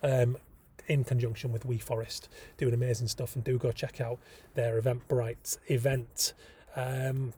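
A man hosts his own podcast, talking with eager enthusiasm and wandering off into asides and ums. His voice is mellow and relaxed in tone, sitting at a middle pitch. A faint hiss runs under the recording. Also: a little slow. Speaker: podcast host. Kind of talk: casual solo podcast talk.

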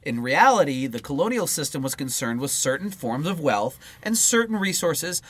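A male podcast co-host with a fairly high, very animated voice reads a political text aloud at normal speed. He swears freely and keeps breaking off mid-reading into profane, casual asides.

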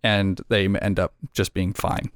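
A man with a very deep, smooth voice talks as a guest on a podcast. He is earnest and reassuring. The sound is dry and close. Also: little pitch movement, normal speed, dry recording. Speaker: medical student guest. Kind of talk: casual podcast chat.

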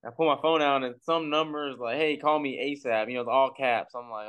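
Laid-back young man, smooth clear voice. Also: medium pitch, a little fast, highs cut off. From Texas. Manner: laid-back, rambling with fillers. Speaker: guest, pro baseball pitcher. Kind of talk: casual storytelling. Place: recording for a podcast.

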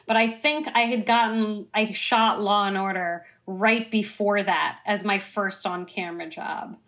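A woman's voice: mid-range voice, steady tone, a little slow, a bit bright. Chatty, laughing woman guest. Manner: chatty, self-deprecating, laughs often. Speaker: actress guest. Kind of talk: conversational interview.

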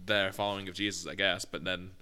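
A man's voice: low voice, level tone, quick pace, pushed and bright, smooth. A man in a casual faith discussion, reading a passage and asking the others probing questions. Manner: inquisitive, drawing others out with questions.

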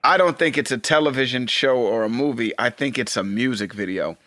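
A man co-hosting a podcast, excitable and playful, chatting casually with his friend. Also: mid-range voice, brisk, no room sound, clean studio sound. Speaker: podcast co-host. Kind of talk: casual chat.

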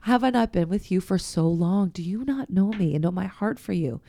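A middle-aged woman hosting a faith podcast, talking candidly and chattily and sometimes dropping to a hushed voice. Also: mid-range voice, expressive, normal speed, gravelly. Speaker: podcast host. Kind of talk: faith-based casual chat.

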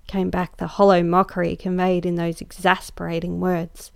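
A woman narrating a classic story aloud as guest host, measured and dryly expressive. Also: on the low side, vocal fry, no room sound. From Australia. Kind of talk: audiobook narration.

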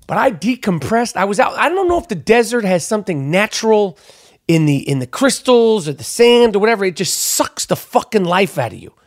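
A man's voice: sits high, very animated, a little fast. A man hosting his podcast, telling a story as a casual rant, swearing a lot and repeating himself for emphasis. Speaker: podcast host.

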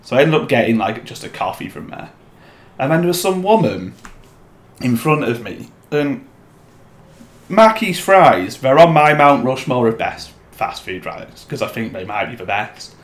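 A man's voice: mid-range voice, normal speed. Guy telling a rant story on a podcast, does the voices, swears, echoey room. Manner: animated storyteller, acts out quotes, swears. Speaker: podcast co-host. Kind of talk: casual chat.

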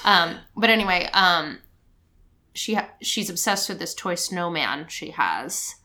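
Woman, 30s, casual chat, bright, animated, mimics kids in high squeal. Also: a little slow. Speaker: podcast co-host, mother.

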